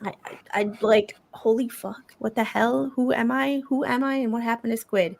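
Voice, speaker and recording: A woman's voice: a little high, steady tone, normal speed, gravelly, darkish tone. A woman hosting a livestream panel over a video call, chatting casually and mocking herself with the odd swear. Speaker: host.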